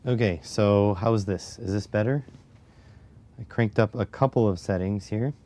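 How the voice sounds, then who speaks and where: With a lowish, warm voice and a measured pace, this man codes on a casual live stream. His voice is going, and between answering chat he mutters to himself, recorded on a clip-on mic at chest level.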